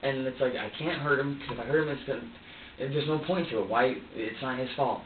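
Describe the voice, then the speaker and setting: A man's voice: mid-range voice, brisk. A man being questioned by investigators, rambling, agitated and swearing heavily as he recounts what happened. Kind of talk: recounting events under questioning. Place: sheriff's interrogation room. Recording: echoey distant lo-fi video with faint hiss.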